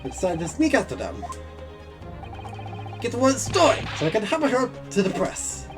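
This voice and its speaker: A boastful young male tabloid journalist rambles on about his scoops, as a streamer voices him while reading a game's dialogue live. His pitch leaps around restlessly, and his talk is brash and cocky. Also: huge pitch swings, normal speed, over music. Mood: eager.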